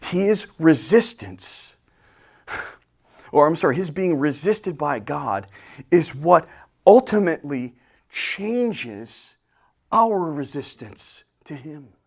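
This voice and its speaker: A man preaching a sermon as pastor, swinging from loud bursts to hushed whispers. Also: on the high side. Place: church sanctuary.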